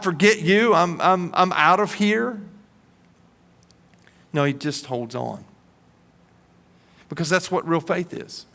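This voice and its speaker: A man preaching in an earnest, emphatic manner, his voice high and bright with a forceful edge. He talks slowly and deliberately, leaning on repeated words. His voice carries a long reverb from a church hall. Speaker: pastor. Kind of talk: sermon.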